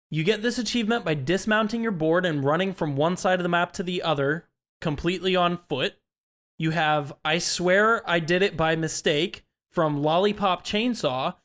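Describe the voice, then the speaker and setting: A man's voice: sits high, fairly bright tone. A young man hosting a casual chat, reading out quiz items and laughing often. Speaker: quiz host.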